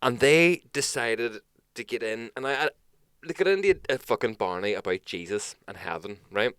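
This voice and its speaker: A man's voice: mid-range voice, expressive, moderate pace, fairly bright tone, smooth, dry recording. A young man, co-hosting a podcast and telling a story in casual chat, swearing freely and acting out what others said. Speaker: podcast co-host.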